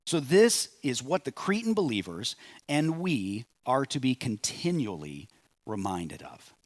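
Slow, lively-pitched preaching man. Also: dry recording. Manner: measured preaching, swells on key phrases and drops soft at line ends. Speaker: pastor. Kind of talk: sermon.

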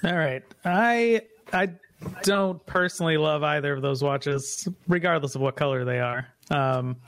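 A man's voice: on the high side, a little slow, a bit bright. A man on a casual online panel, giving his vote with dry, wry humor.

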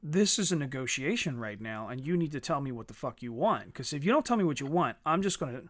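A man's voice: medium pitch, fast, no room sound, studio quality. A man talking bluntly and with a lot of swearing, telling stories in a casual podcast chat. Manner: blunt, profane, animated storytelling.

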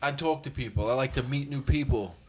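Friendly New guy, mid-pitched, earnest, defends his point in a casual chat. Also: fairly quick, a little mellow, husky.

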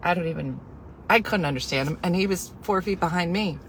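A woman telling a comic story in an animated, exasperated way, with sarcastic asides. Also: lowish voice, a little fast, a little hiss or hum.

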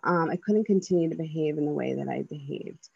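A woman in her thirties speaks earnestly at a recovery meeting, pausing with ums and likes as she goes. Her voice sits a little low and is heard dry and close. The sound is dull and muffled, like call audio. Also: gravelly, breathy edge, no room sound. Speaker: twelve-step meeting speaker. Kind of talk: personal recovery share.

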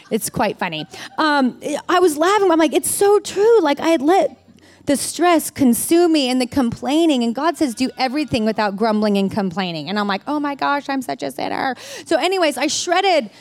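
A woman in her forties, a ministry leader, sharing a candid, expressive personal testimony in a sermon, full of "like" and "oh my gosh". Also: mid-range voice, no room sound.

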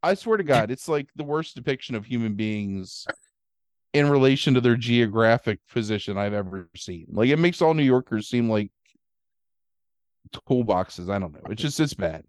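A man's voice: mid-range voice, moderate pace, no echo, clean studio sound. A man hosting a podcast, rambling through a casual movie recap and slipping into silly voices for the characters. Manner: rambling, animated storytelling with silly put-on voices. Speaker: podcast host.

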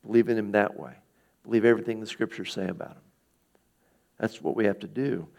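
Male pastor, middle-aged, low gravelly voice, relaxed conversational sermon. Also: brisk. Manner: conversational, asks the listeners questions, acts out quoted speakers.

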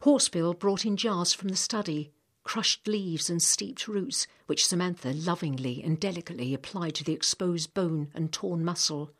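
A woman reading an audiobook in a measured, expressive narration. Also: fairly low pitch.

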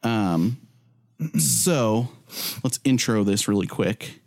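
Low-voiced chatty male podcast co-host. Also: animated, drawn-out words, gravelly, a little mellow, dry recording. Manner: loose and chatty, many "um" and "like" fillers, laughs easily. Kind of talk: casual chat and spoken prayer.

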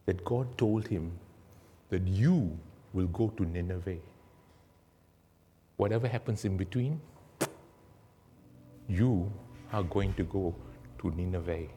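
A man preaching a sermon and telling stories dramatically, swinging from loud to hushed. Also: on the low side. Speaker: guest preacher.

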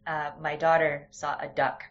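A woman's voice: low-pitched, little pitch movement, measured pace. A young woman talking candidly in a casual conversation, telling stories with frequent restarts. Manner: candid, storytelling, many restarts. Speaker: guest. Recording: dull lo-fi sound.

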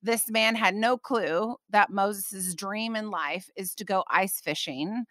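Podcast host, woman in her thirties. Bright, lively storyteller, close and dry. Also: medium pitch, slow, no echo. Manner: animated, lively storyteller with frequent "okay?" asides. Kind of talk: casual storytelling.

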